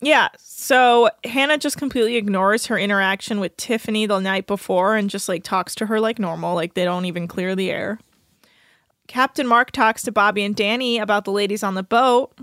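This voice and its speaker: A woman's voice: medium pitch, a bit bright, no echo, clean studio sound. A woman co-hosting a podcast, chatting casually as she recaps episodes and laughs along. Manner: chatty, laughs often, quotes people in passing. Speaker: podcast co-host.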